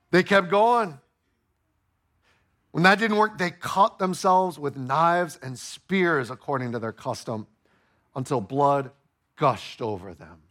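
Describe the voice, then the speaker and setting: A male pastor preaching a sermon, playful and animated, acting out the voices of the people in the story. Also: fairly high pitch.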